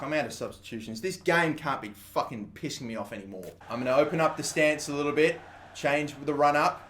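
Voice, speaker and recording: A man in his twenties commentating his own gameplay, excitable and swearing, swinging between shouts and mutters. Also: a little high. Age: 20s. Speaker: gaming YouTuber. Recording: echoey room with faint background noise.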